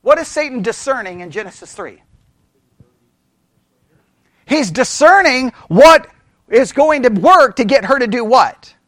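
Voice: high voice, animated, unhurried, long pauses, fairly bright tone, no room sound, studio quality. A Bible study teacher who speaks with energy, keeps asking the listeners questions and checking in with "right?", and thinks aloud with restarts.

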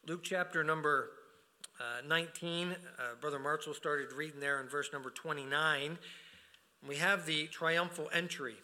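A man preaching a sermon with a strikingly bright, ringing tone that sits a little above the usual male range. He talks earnestly, often trailing into "uh" and restarting a phrase before pushing on. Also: fairly high pitch, fairly even intonation, normal speed. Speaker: pastor.

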